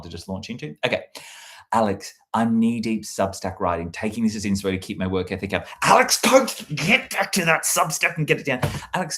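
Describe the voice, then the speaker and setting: A man hosting a casual livestream into a handheld mic, rambling with restarts while reading chat aloud. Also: on the low side. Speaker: livestream host. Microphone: handheld microphone.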